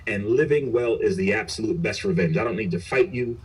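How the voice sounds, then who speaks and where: A middle-aged man, a police chief, telling his story in an interview, earnest and halting with frequent restarts. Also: lowish voice, lively intonation, slightly rough. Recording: recorded far from the mic.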